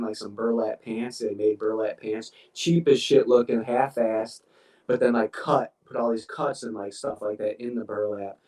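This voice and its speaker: A man's voice: medium pitch, darkish tone. A man co-hosting a podcast in a loose, profane casual chat, laughing often. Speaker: podcast co-host. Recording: roomy echo from a distant mic.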